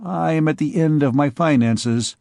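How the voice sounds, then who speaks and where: A man voicing a greedy, cunning royal physician who speaks in a slow, pompous, wheedling way, in an audiobook reading. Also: a little high, gravelly, darkish tone, no echo, studio quality.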